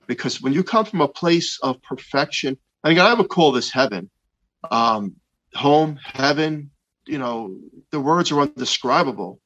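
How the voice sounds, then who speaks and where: Halting earnest man, slightly muffled. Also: on the high side, animated, fairly bright tone. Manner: slow, halting, earnest retelling with many restarts. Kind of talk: personal testimony of a near-death experience.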